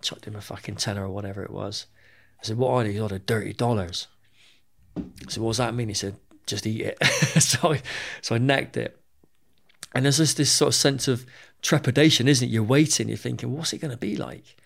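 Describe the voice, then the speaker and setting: A man's voice: mid-range voice, fairly quick, gravelly, a bit bright. A British man and former soldier, telling his own story in an interview, candid and plain-spoken, with frequent swearing and repeated words. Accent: British English.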